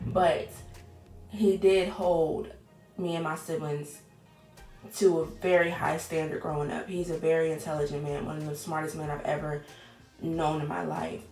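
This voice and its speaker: A woman's voice: low-pitched, flat delivery, normal speed, vocal fry, a little mellow. A woman, candidly chatting to camera in a casual vlog, swearing now and then. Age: 20s. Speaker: vlogger. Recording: echoey room with faint music.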